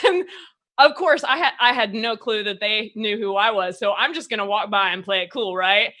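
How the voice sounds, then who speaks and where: A woman's voice: mid-range voice, moderate pace. A woman hosting a casual interview, telling stories with lots of energy and laughter, acting out her own thoughts. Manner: animated storyteller, laughs often, acts out her own thoughts. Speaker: podcast host.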